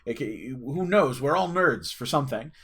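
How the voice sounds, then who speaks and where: A man's voice: medium pitch, animated, normal speed, a bit bright, breathy edge. Chatty man telling a story. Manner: chatty, rambling, with many fillers and restarts. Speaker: channel host. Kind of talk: casual storytelling to camera.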